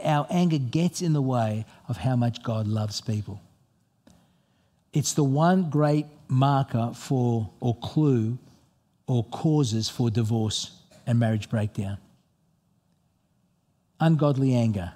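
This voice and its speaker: A middle-aged man preaching a sermon as a pastor, telling stories and asking the congregation questions. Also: medium pitch. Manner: animated, storytelling, asks the audience questions. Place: church hall before a congregation.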